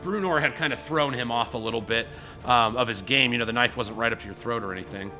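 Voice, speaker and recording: This game master talks fast in a mid-range voice, with faint music in the background. His animated narration wanders and is full of fillers like "you know" and "like" as he acts out what's happening.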